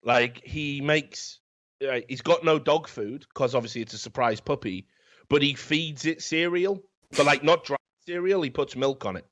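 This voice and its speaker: A man's voice: a little high, normal speed, fairly bright tone. A man hosting a casual comedic film review, telling the story in a rambling, profane way. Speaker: film review podcast host. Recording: dull, lo-fi sound.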